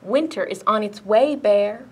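A woman voicing a tiny, excitable ladybug who calls out eagerly, in a children's picture book read-aloud. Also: medium pitch, a little slow, husky. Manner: calling out eagerly.

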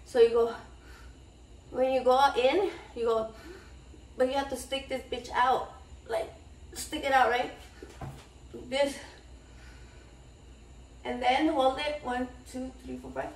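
A woman's voice: high-pitched, takes it slowly, long pauses. A woman, hosting a cooking vlog in a casual, rambling, swear-heavy chat. She mixes Spanish slang into her English and sounds a little shaky and nervous. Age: 30s. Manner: profane, excitable, switching between English and Spanish slang. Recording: voice a bit far from the mic.

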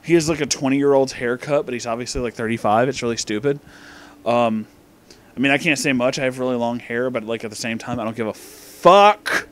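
A man's voice: mid-range voice, steady tone, brisk. A drunk man rambling through a profane, meandering movie commentary, often losing his place, recorded in his office. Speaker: movie reviewer.

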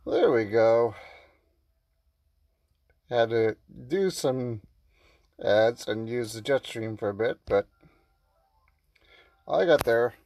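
Guy doing let's play commentary, talks slow, bit of fry in the voice. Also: mid-range voice, lively intonation, darkish tone. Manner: reads in-game chat messages aloud. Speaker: gaming channel host.

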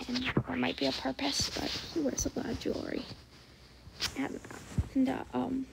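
A woman casually narrating her drawing process, hesitant with many fillers and often dropping to a soft whisper. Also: high-pitched, gravelly, background noise. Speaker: drawing channel host.

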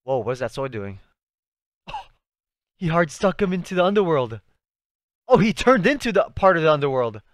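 A young man hosting a live anime reaction, talking excitedly to the screen in slangy, casual speech. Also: medium pitch, fairly quick, clean tone, no echo, studio quality. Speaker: anime reaction channel host.

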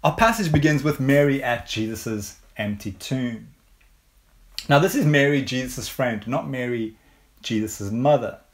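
Speaking in a medium-pitched voice, this English preacher from England takes his time, measuring each line and posing question after rhetorical question to his listeners.

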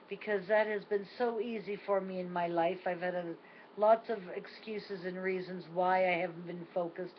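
An older woman telling a personal story in an earnest, reflective video diary at home. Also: lowish voice. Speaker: vlogger. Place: home at night. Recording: dull lo-fi with faint noise.

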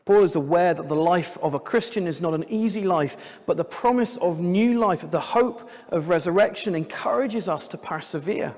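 Preacher with a slightly high voice in a reverberant church. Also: male voice, moderate pace, few pauses, a little mellow. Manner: conversational, with light jokes. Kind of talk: sermon. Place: church sanctuary. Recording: long church hall reverb.

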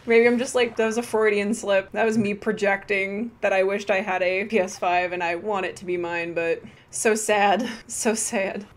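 A young woman hosting a casual gaming live stream, bubbly and giggly, reading chat aloud and reacting with excited exclamations. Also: mid-range voice, normal speed, few pauses. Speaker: livestream host.

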